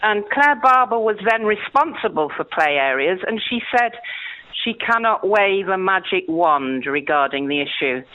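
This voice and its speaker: A woman's voice: medium pitch, animated, moderate pace, pushed and bright, no echo. Older woman calling in, tinny phone line. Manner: nervous, indignant and chatty. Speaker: caller. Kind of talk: radio phone-in call.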